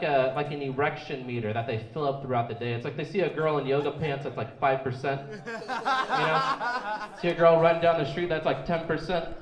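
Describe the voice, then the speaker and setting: A young man doing a stand-up comedy set in a small club, rambling and restarting his words as he goes. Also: on the high side. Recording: echoey club room.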